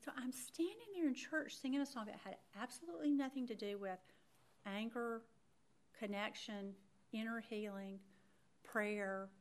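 A woman in her sixties teaching a Bible study class, telling a frank personal story with animated, self-deprecating humor. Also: fairly high pitch, moderate pace. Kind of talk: candid personal testimony in a faith class.

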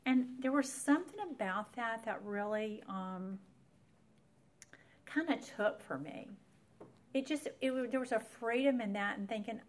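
An earnest woman gives a personal faith testimony. She speaks in a slightly high voice and talks straight to her listeners like a teacher telling her own story. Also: normal speed.

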